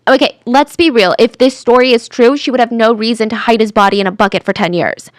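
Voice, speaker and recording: A woman's voice: fairly high pitch, fast, no echo, clean studio sound. Chatty woman telling a crime story. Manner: chatty, animated, drops to whispers for drama. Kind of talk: casual true crime storytelling.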